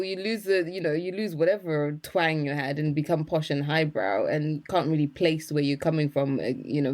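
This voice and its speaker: A woman's voice: low voice, a little mellow. A woman from Zimbabwe, a podcast guest, chatting casually with a Zimbabwean accent touched by British English, playful and laughing often. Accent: Zimbabwean, with British English mixed in. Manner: playful, laughing, quick asides. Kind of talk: casual chat.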